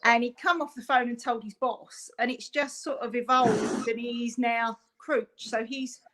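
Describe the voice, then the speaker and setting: A woman's voice: a little high, fairly even intonation, unhurried, a bit bright, low-quality recording. Chatty mother on a video call. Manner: chatty, rambling, many fillers. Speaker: parent of a fundraiser. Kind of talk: casual chat on a video call.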